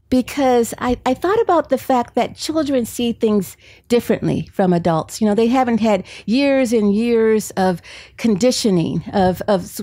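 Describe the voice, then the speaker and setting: A woman's voice: fairly high pitch, dark tone, no echo. A woman author and psychology professor giving a storytelling book talk at a bookstore event, chatty, laughing often and acting out the quotes.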